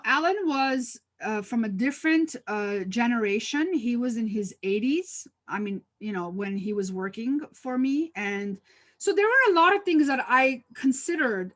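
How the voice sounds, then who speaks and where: A woman's voice: on the high side, fairly bright tone. Chatty woman giving a video-call workshop. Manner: conversational, many fillers and restarts, tells personal stories. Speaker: workshop presenter. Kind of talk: live webinar presentation.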